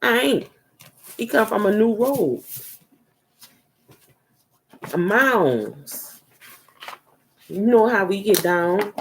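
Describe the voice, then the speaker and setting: A woman gives a casual spiritual energy reading in a medium-pitched, animated voice, taking things slowly against slight background noise. Her talk is loose, rambling and repetitive, trailing off into murmurs as she searches through a book.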